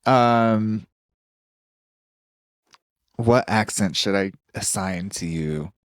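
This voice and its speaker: A man's voice: lowish voice, extremely slow, no room sound, clean studio sound. A man co-hosting a podcast in laid-back casual chat, laughing often. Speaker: podcast co-host.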